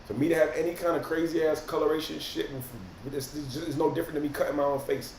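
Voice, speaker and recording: A man's voice: fairly high pitch, quick pace, gravelly. Slangy man, echoey room. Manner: animated, profane, slangy storyteller; reads out viewer comments and reacts. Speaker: rapper and livestream host. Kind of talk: casual livestream chat. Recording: roomy echo, faint noise.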